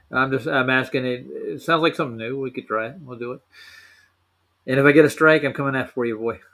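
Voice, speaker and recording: A man's voice: medium pitch, fairly quick, a bit bright. A man chatting casually as a podcast host, laughing often and teasing his guests. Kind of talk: casual chat.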